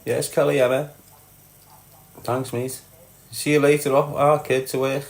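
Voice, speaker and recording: A man's voice: medium pitch, level tone, a little slow. A Scouse man from Liverpool, middle-aged, reading his chat live and answering viewers bluntly, calling everyone lad and mate.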